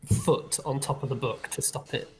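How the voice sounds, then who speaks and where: A man's voice: mid-range voice, fairly even intonation, moderate pace, a little mellow. A man playing a tabletop game who describes his turn in a casual, light way. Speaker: player.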